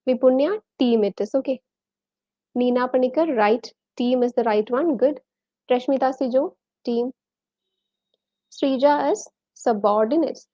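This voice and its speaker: A woman's voice: high voice, unhurried, pauses often, warm tone, no room sound, dull audio. Malayali woman teaching a live English class. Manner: reads out viewers' names and answers, quizzes the class. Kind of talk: live online English lesson.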